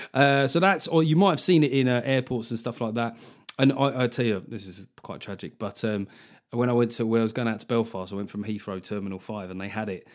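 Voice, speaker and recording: Ranting Mancunian man on a podcast. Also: mid-range voice. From Manchester, England. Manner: animated ranting, swears freely, mocking put-on voices of critics. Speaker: podcast host and comedian. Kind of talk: solo podcast rant.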